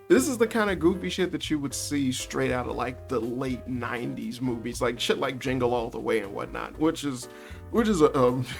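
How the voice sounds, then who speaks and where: A man's voice: fairly high pitch, vocal fry. A man reviewing a movie in a casual, profane, sarcastic rant, often breaking into laughter mid-sentence. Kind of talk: casual ranting commentary.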